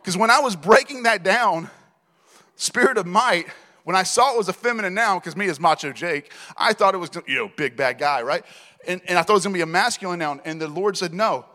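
Preacher guy telling a story in church, fairly high voice, big echoey hall, acts out all the back and forth. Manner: animated storyteller acting out dialogue, laughing often. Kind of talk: sermon storytelling. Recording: reverberant hall.

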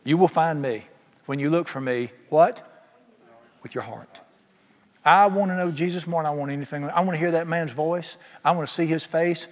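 A man's voice: a little high, moderate pace. A man preaching a sermon, telling folksy stories and acting out the dialogue himself. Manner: folksy storytelling, acts out quoted dialogue. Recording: long hall reverb.

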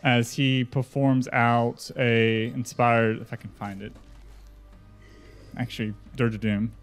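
A man takes his turn at a tabletop game, talking slowly and counting his dice out loud. His pitch is ordinary. Soft music hums behind him. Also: flat delivery. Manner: unhurried, counts dice aloud. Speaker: player.

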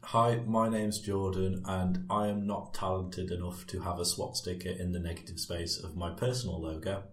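A man's voice: sits low, level tone, normal speed. A man co-hosting a podcast, laid-back and self-deprecating in casual chat. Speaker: podcast co-host. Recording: echoey room.

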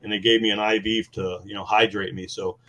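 Lowish-voiced man telling war stories. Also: fairly quick. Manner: animated, laughing, many fillers. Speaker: podcast guest, former Marine. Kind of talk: casual storytelling.

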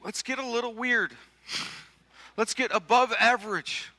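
High, bright-voiced preacher in an echoing hall. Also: male voice, steady tone, measured pace. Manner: conversational preaching, rhetorical questions, repeats words. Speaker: pastor. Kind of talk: sermon. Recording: long hall reverb.

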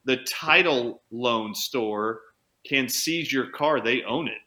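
Bright-voiced man telling a story. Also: medium pitch. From United States. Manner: animated anecdote-teller, speeds up and slows down for emphasis. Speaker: chiropractor, interview guest. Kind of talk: conversational storytelling.

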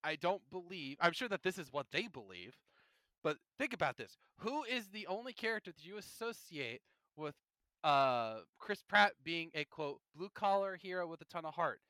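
A man co-hosting a gaming podcast in a casual, opinionated ramble. His voice sits a bit high and rings bright and smooth. The recording is close and dry, with no room sound. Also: moderate pace, dry recording. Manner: chatty, opinionated, animated asides. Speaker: podcast host.

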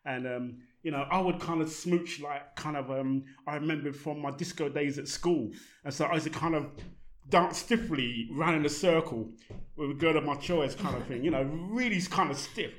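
An older man, a podcast guest telling rambling, relaxed stories and laughing along the way. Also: a little high, normal speed. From South London. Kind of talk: casual conversational storytelling.

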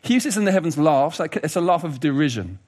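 A man delivers a sermon in an easy, conversational way. His voice sits a little high and moves a lot, rising and falling as he plays with jokes, asides and mock voices. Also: quick pace. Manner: conversational, animated, does funny voices and asides. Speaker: preacher.

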